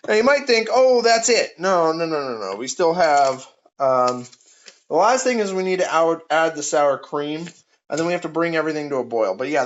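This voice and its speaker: A man's voice: on the high side, slight background noise. A man telling jokes and cooking on a casual live stream, playful, with goofy sound effects. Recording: dull lo-fi audio.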